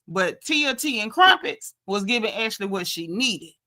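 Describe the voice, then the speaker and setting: A woman casually recapping a reality show episode, gossipy and animated. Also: medium pitch, measured pace. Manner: animated, gossipy, quotes people in lively asides.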